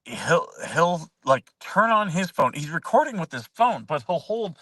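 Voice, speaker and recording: Rambling man telling a story, bright voice. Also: on the high side, sing-song, unhurried, dry recording, distant mic, rough recording. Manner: rambling, lots of "like" and restarts. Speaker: show host. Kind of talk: casual storytelling chat.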